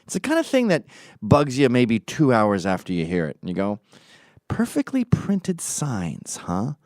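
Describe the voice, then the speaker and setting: This podcast host has a lowish, darkish voice whose pitch swoops wildly, and he moves briskly through a casual storytelling monologue. He mocks and swears while performing the quotes, in a studio-quality recording with no echo.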